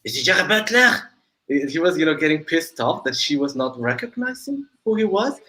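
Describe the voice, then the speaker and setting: A man telling an animated story during a casual livestream chat. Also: fairly high pitch, normal speed.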